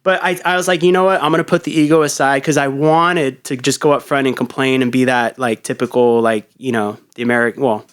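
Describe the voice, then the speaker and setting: A man's voice: mid-range voice, fairly even intonation, a little fast, hardly any pauses, clean tone. Young male podcast host, casual, profane storyteller, clean resonant voice.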